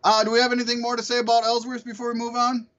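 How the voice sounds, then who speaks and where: A man co-hosting a podcast in loose, rambling chat. His voice sits quite high, and he swears freely and laughs often between thoughts. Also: completely flat delivery, very fast, a bit bright, muffled recording. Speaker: podcast co-host. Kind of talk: casual chat.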